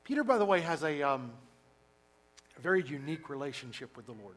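Male preacher, fairly high-pitched, emphatic, loud-to-soft dynamics. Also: big pitch swings, fairly quick, low-quality recording. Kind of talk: sermon.

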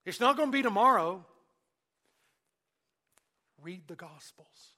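A man preaching a sermon, swinging between loud emphasis and hushed asides, and acting out the quoted speech of Jesus and Peter. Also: sits high, expressive, slow pace.

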